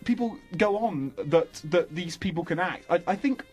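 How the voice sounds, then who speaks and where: A man's voice: sits high, animated, moderate pace, a little mellow, faint music behind. A man co-hosting a casual film review podcast, talking in an exasperated, rambling way with lots of restarts.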